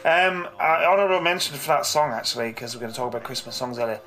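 Male co-host, 30s, sharp bright tone, sweary banter, light music bed. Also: medium pitch, animated, rapid-fire. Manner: swears freely, blunt and jokey. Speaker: podcast co-host. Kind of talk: casual chat.

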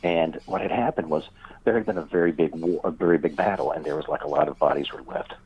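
A man's voice: very deep voice, fast, a little mellow, slight background noise. A man, a guest author, telling a rambling story in an interview, full of fillers and acted-out quotes. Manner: meandering, many fillers, acts out quoted voices. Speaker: guest author and paranormal researcher. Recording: dull lo-fi remote audio.

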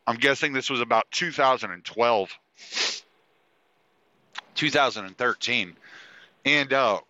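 A man's voice: mid-range voice, pushed and bright, no room sound, highs cut off. A man hosting a podcast in a casual, rambling monologue, swearing freely and restarting his sentences, and congested. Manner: rambling, profane, with frequent fillers and restarts. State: congested, sniffly. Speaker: podcast host.

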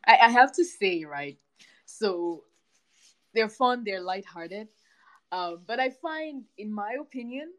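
Lady reading folk stories out loud then chatting about them, kinda low voice, thinks out loud a lot. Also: low-quality recording. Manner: thoughtful, hesitant in discussion. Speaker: storyteller and discussion host. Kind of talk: reading folktales aloud, then discussing.

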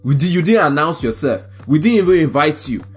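A man's voice: a little high, big pitch swings, a little fast, husky, faint music behind, heavily acted. A man voicing a stern elder scolding an uninvited guest to leave the house, exasperated. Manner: scolding, exasperated, shooing someone out.

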